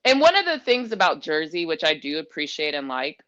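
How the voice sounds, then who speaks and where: A woman's voice: deep voice, a little fast. Female co-host, easygoing analyst, slightly muffled remote audio. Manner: relaxed, joking, thinks aloud. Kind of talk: casual sports chat. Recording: dull lo-fi sound.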